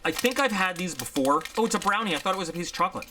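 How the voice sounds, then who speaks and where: Man, casual gear reviewer; bright, forward tone, chatty and candid, rambles freely. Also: high voice, animated, very fast, slight background noise. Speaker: product reviewer.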